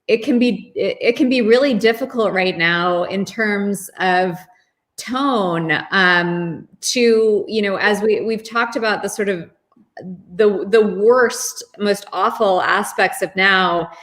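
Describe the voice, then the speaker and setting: A woman's voice: mid-range voice, fairly bright tone. A woman hosting a livestream interview over a video call, speaking in a friendly, hesitant way. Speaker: host.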